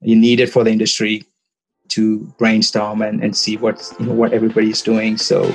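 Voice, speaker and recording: Low, flat-voiced Tamil-speaking man. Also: breathy edge, soft background music, low-quality recording. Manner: relaxed, halting, many fillers. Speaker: podcast guest. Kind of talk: casual interview talk.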